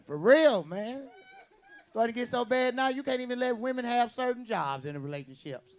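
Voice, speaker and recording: A man doing a stand-up comedy set, brash and profane, with quick punchy delivery and acted-out quotes, as the audience laughs. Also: very high voice, animated, some chatter behind.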